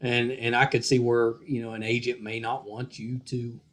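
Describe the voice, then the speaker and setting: A middle-aged man with a Virginian accent hosting a casual podcast interview over a video call, chatty and joking, often trailing off softly. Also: mid-range voice, level tone, normal speed. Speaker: podcast host.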